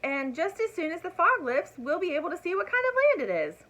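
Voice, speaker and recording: A woman's voice: very high voice, sing-song, a little fast, a bit bright, voice pushed up, exaggerated voice, rough recording. A woman voicing a brave, practical little boy in a storybook reading, with an eager, exclaiming delivery.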